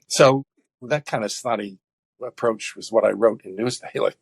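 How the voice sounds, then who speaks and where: A man speaking earnestly in a conversational interview, often halting with fillers and restarts. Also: medium pitch, creaky, breathy edge, no room sound. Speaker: guest activist.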